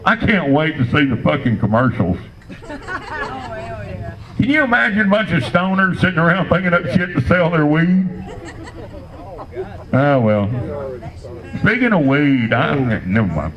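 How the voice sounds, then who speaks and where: An older man doing a standup comedy set, telling crude, rambling stories in a deadpan way. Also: a little high, normal speed, long pauses, lo-fi sound, a crowd in the background.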